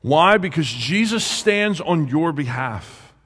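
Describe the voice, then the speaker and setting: A man preaching a sermon as a pastor. He draws his words out and lets key lines sink to a near hush. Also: fairly high pitch, lively intonation, breathy edge. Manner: slow, drawn-out delivery that sinks to a hush on key words. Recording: reverberant hall.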